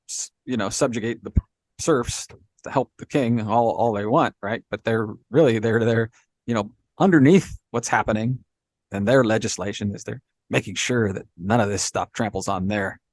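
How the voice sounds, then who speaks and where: A man's voice: on the low side, normal speed, no room sound. Guy co-hosting a podcast, explaining stuff casually, keeps asking "right?", dry close sound. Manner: explains with frequent "right?" and "you know". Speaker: podcast co-host.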